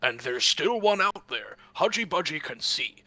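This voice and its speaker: A man's voice: a little high, big pitch swings, normal speed, pushed and bright, no room sound, full character voice. A man voicing Bolg, a simple-minded brute warrior who talks of himself by name in the third person. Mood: urgent.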